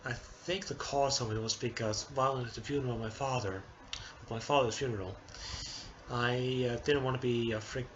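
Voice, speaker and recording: A young man vlogging a casual personal update, halting and hesitant, tearful as he talks. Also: medium pitch, steady tone, a bit bright, highs cut off, slight background noise. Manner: halting, hesitant, many restarts and apologies.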